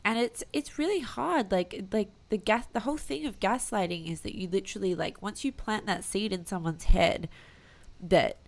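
A woman's voice: medium pitch, moderate pace, vocal fry. A woman chatting casually as a podcast co-host, telling stories animatedly with lots of fillers. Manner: animated storytelling with many fillers. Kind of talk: casual chat.

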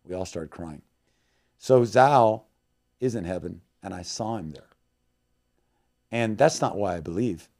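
A man telling an emotional story about serving on the front lines and then praying, earnest and heartfelt, moving between loud emphasis and hushed tones. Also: lowish voice, unhurried, vocal fry, pauses often. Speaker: missionary guest.

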